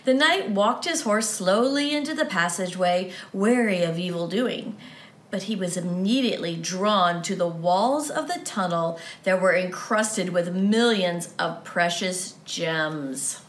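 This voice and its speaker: Slow, expressive woman reading to kids. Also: on the low side, reverberant. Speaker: children's ministry teacher. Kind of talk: reading a story aloud to children.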